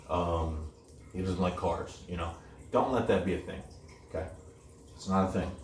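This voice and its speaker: A man with a low, warm voice explains puppy training in a blunt, plain way, often adding "okay?". He is picked up from a distance by the camera, with a roomy sound and a faint hiss behind him. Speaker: dog trainer. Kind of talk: casual instructional talk.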